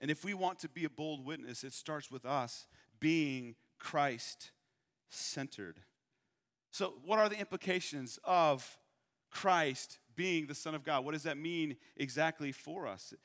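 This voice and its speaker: A man from Michigan preaches with a bright, forceful tone and a slightly high pitch. He leans on rhetorical questions and slows right down to stress key lines. His voice rings out through a long reverb, as in a big church hall. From Michigan, USA. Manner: rhetorical questions, emphatic slowed repetition. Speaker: pastor. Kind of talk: sermon.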